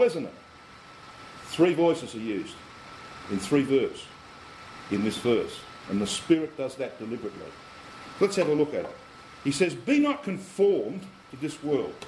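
Lively, echoey male preacher. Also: fairly high pitch. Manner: teaching, asks the congregation rhetorical questions. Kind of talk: sermon. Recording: echoey room with faint air conditioning hum.

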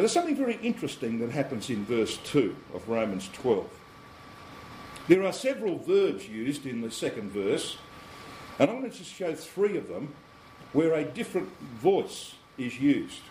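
A man's voice: mid-range voice, darkish tone. A man preaching a sermon, explaining scripture step by step and putting rhetorical questions to his listeners. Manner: teaching, asks the congregation rhetorical questions. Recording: echoey room with faint air conditioning hum.

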